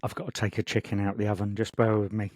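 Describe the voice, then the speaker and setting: A man's voice: fairly low pitch, level tone, quick pace, darkish tone, no room sound, clean studio sound. A man co-hosting a podcast, hesitant and self-deprecating in casual chat. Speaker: podcast co-host.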